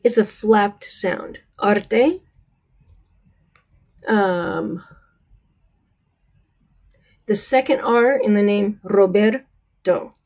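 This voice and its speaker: A woman with an American accent gives a pronunciation lesson at a very unhurried pace. She is patient and careful, drawing out each example word and often checking in with her learners. Her pitch sits in an ordinary middle range. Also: a little mellow. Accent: American English. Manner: patient, drawn-out model words, checks in with "right?". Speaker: Spanish teacher.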